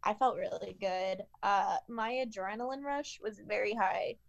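A woman's voice: medium pitch, a little slow, gravelly, lo-fi sound. A woman acting student talks earnestly over a video call about her performance, with frequent "like" and "um". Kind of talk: casual talk on a video call.

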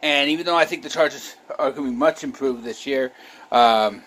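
A man's voice: mid-range voice, brisk, fairly bright tone. A man hosting his own channel, casually running through his football picks in a loose, rambling, self-deprecating way, talking to a camera at home. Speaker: sports channel host. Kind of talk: casual sports picks vlog.

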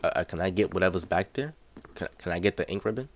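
A man's voice: deep voice, fast, a little hiss or hum. A young man playing a horror game, talking to himself and repeating lines as he goes, breaking into panicked yelps when danger hits. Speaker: gaming YouTuber. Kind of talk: let's play commentary.

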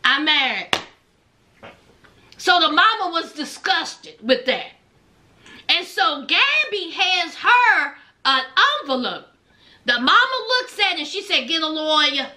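A woman with a very high, bright, sharp voice dishes gossip about a reality show. She talks slowly and with sass, and her pitch swoops up and down in big animated arcs. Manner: sassy, gossipy, calls listeners "child" and "honey". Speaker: reality show recap host. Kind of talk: casual sassy show recap.

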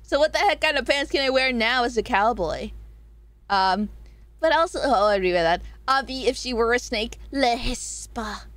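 A woman's voice: on the high side, animated, normal speed, fairly bright tone, no room sound. A woman streaming a casual chat, reading out viewer suggestions, giggling often and swearing freely.

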